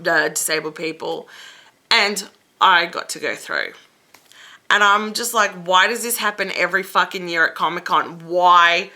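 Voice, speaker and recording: A woman's voice: mid-range voice, pushed and bright. A young woman venting to camera in an angry, heavily sworn rant, acting out the exchanges she had with staff. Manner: heated, swears freely, acts out quoted exchanges. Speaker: vlogger.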